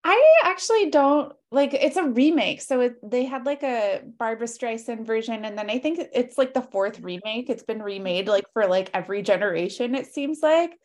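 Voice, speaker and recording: A woman's voice: fairly high pitch, lively intonation, moderate pace, hardly any pauses, a little mellow. A woman hosting a podcast, talking in an upbeat, hyped, casual way. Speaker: podcast host.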